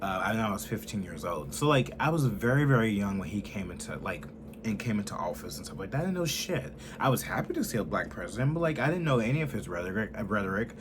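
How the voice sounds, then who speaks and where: A man in his twenties ranting heatedly and profanely in a political commentary, swinging from loud outbursts to low muttering. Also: big pitch swings, fast, background noise. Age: 20s.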